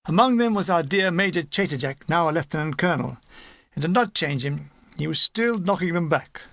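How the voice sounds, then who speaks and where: Lively man reading a war memoir. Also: fairly high pitch, fairly quick, vocal fry, no echo, clean studio sound. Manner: lively, animated reading with put-on character voices. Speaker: audiobook reader. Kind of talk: audiobook narration of a war memoir.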